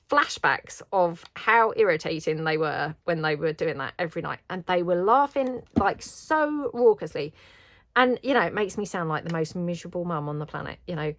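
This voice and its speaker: A woman's voice: on the low side, dry recording. A middle-aged British woman chatting casually while she crafts, rambling and self-deprecating. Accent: British English. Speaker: craft vlogger.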